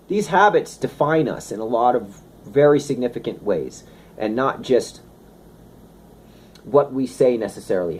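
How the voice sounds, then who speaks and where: A man giving a casual, animated talk on health and wellness, slipping into playful asides. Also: medium pitch, slightly rough. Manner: animated, conversational, slips into playful impressions. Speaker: wellness speaker.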